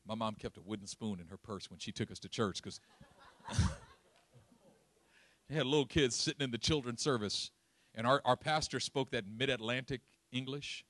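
A man's voice: mid-range voice, moderate pace, long pauses, no echo. A man preaching a sermon as a pastor, telling stories with humor and laughing along the way. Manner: humorous, animated storytelling with laughs.

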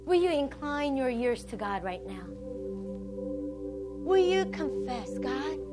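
A woman preaching a sermon, animated, swinging between loud bursts and soft, low stretches, and acting out the voices of other people as she teaches. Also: slow, music in the background. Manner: plays out voices of a nagging map and a complaining listener.

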